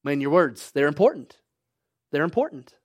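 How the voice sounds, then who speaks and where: A man's voice: on the high side, very animated, normal speed, dry recording. A man preaching a sermon to his congregation, exhorting them and asking "right?" and "come on now" over and over. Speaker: pastor.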